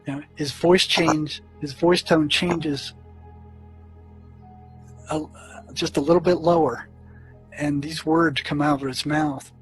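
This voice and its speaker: A man who worked as a therapist in a prison tells stories from his work. He talks earnestly and haltingly, with many restarts and fillers. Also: a little high, steady tone, husky, soft background music, low-quality recording. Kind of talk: storytelling recollection.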